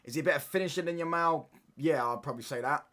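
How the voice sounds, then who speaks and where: A man's voice: fairly high pitch, fast talker, pushed and bright. A young man chatting casually on a football watchalong stream, reading chat and bantering in slang with stop-start restarts.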